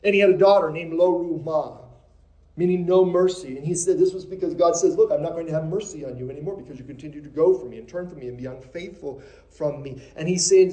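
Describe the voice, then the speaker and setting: A middle-aged man from Minnesota preaching a sermon as pastor, moving from quiet, intimate passages to raised, emphatic ones. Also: on the high side, fast, roomy sound, rough recording. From Minnesota, USA.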